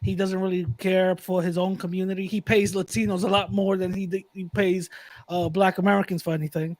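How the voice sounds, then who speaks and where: A young man joins a casual debate chat in a high-pitched voice, recorded dry and close. He talks hesitantly, in laid-back slang, repeating words as he works out what he means. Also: little pitch movement, fairly quick, darkish tone, no echo. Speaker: guest.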